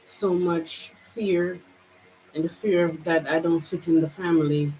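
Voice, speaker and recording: A woman vlogger with a Jamaican accent, pouring out her feelings in a halting personal monologue full of restarts. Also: fairly low pitch, steady tone, warm tone, a little hiss or hum, rough recording.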